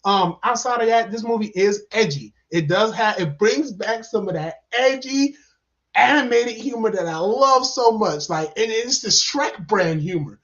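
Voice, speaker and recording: A man with a high-pitched voice talks through a movie review in an excitable, rambling way, full of fillers and repeated words. The recording is a bit dull and lo-fi. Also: a little slow. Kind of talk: casual spoken movie review. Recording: dull lo-fi sound.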